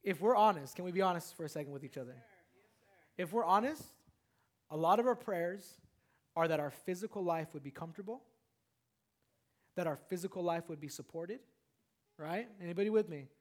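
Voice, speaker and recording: A man preaching a sermon as a pastor, animated and repetitive, calling out to the congregation. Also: high voice, fairly quick, pauses often.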